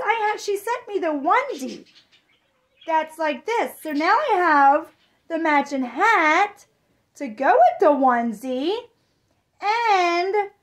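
A young adult woman with a high voice chats through an unboxing video. She gushes and exclaims over everything she pulls out. Her talk is slow and drawn out. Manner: gushing, excited exclamations. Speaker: vlogger. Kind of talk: unboxing chat.

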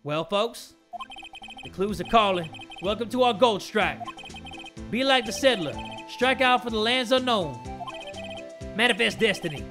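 A man voicing a laid-back cowboy patrolman in a game, with a slow, folksy drawl. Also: high voice, animated, over music.

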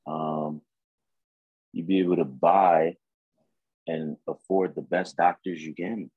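A man talking as a guest in a casual chat, relaxed and reflective, with plenty of ums. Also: sits low, slow, slightly rough, no room sound. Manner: relaxed, reflective, with many fillers. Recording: dull, dry close recording.

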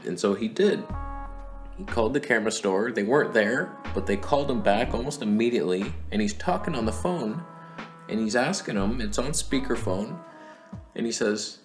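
Man telling a comic story, animated. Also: low-pitched, moderate pace, faint music behind. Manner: animated, acts out friends' voices. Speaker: camera vlogger. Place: outdoors.

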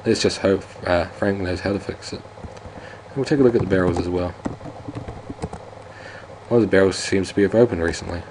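A man's voice: low voice, brisk, long pauses, noisy background. A man narrating his own playthrough of a text adventure game with dry, joking asides. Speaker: let's play host. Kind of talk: let's play commentary.

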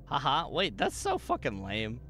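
A man streaming a video game, reacting out loud in an excitable way, swearing and jumping to sudden shouts. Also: mid-range voice, a little slow, faint music behind. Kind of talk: gaming livestream commentary.

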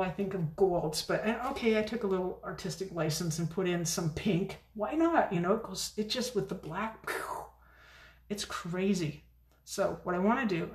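A chatty woman demonstrating card making in a casual crafting video, talking fast and poking fun at her own forgetfulness. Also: mid-range voice. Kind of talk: casual crafting tutorial chat. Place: home craft room. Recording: echoey room.

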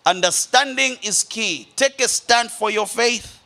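A man's voice: extremely high pitch, a little slow, creaky, sharp tone. A male pastor preaching a sermon to a congregation. He speaks emphatically, repeats key phrases and calls his listeners beloved. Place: church service before a congregation.

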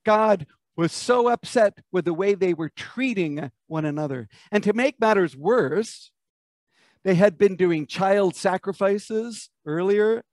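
High-voiced American preacher telling a story. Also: male voice, slow pace, darkish tone, no echo. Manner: vivid storytelling, asks the congregation to imagine. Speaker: pastor. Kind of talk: sermon.

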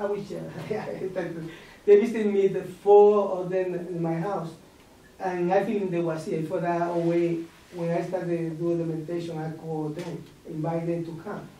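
A man whose first language is Spanish, leading a meditation group and telling a spiritual experience in halting, broken English with restarts. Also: sits high, mellow. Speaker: meditation leader. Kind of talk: personal spiritual testimony. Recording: roomy echo, distant mic, faint noise.

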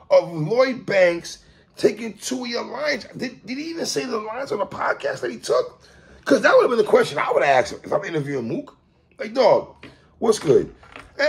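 Animated, gravelly-voiced man riffing. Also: high voice. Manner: animated, laughs and exclaims often. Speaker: hip-hop commentary host. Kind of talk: casual commentary monologue.

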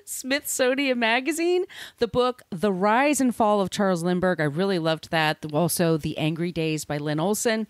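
A woman's voice: mid-range voice, moderate pace, dry recording, clean studio sound. A woman hosting a podcast in a casual, irreverent way, swearing freely. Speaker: podcast host.

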